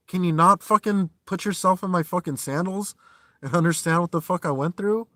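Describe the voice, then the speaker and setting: Fired-up streamer, man, sharp bright voice, swearing rant, dry close sound from inside a van. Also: moderate pace, dry recording. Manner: heated and profane, swings from shouting to low muttering. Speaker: live streamer. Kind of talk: angry live-stream rant.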